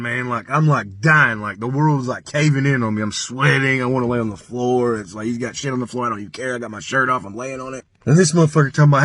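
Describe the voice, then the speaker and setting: Young guy telling a funny story, rambly and swears a lot, husky voice. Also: medium pitch, fast, few pauses, dry recording. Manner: rambling, profane, deadpan. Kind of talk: comic storytelling.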